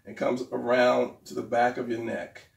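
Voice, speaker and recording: A man's voice: medium pitch, level tone, moderate pace, vocal fry. A man giving a casual drawing tutorial, thinking aloud as he sketches and points things out. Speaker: art instructor. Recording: roomy, distant mic.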